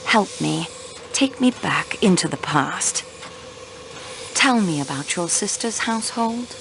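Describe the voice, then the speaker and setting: A sharp young woman investigator in a mystery game, questioning suspects with polite insistence. Her voice sits a little low yet moves widely in pitch, giving each observation a pointed lift. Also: lively intonation, slow, vocal fry, noisy background, heavily acted. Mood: poised, probing. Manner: poised, probing, politely insistent. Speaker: amateur investigator, railway clerk. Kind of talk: video game voice acting.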